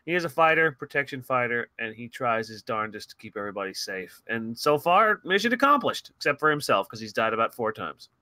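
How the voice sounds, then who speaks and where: A man introduces his tabletop character with a bright, lively tone. He is playful and halting, restarts his sentences and trails off. The recording is dry and close. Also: mid-range voice, dry recording. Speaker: player. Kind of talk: casual introduction at a gaming table.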